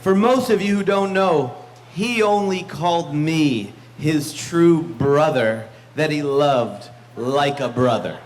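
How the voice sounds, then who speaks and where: High-voiced man giving a mock toast. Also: slow pace, slight background noise. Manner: mock-solemn, tongue-in-cheek. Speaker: toast giver at a club party. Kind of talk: joking memorial toast. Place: banquet room with guests.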